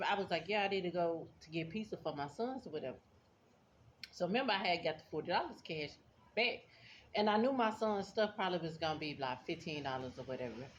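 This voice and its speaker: A woman telling a casual storytime to her viewers, blunt and sassy, laughing often as she talks. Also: fairly low pitch. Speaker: vlogger. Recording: dull lo-fi sound with faint background noise.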